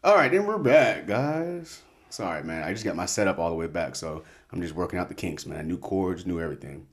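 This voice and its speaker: A man's voice: low voice, expressive, a little fast, soft background music. A man hosting a casual sports talk show, laid-back and cursing freely as he gives his picks. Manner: laid-back, swears casually, self-interrupting. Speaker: podcast host.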